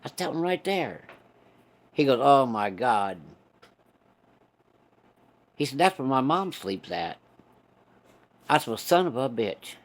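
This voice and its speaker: A man's voice: mid-range voice, animated, measured pace, pauses often. A man telling a casual story in a folksy, profane, laid-back way.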